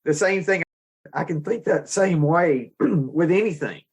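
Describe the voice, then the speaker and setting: A man leading a recovery discussion group, calmly thanking and calling on each speaker. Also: a little high, a little slow, slightly rough. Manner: calm, affirming, calls on each speaker. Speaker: meeting facilitator. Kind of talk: casual discussion.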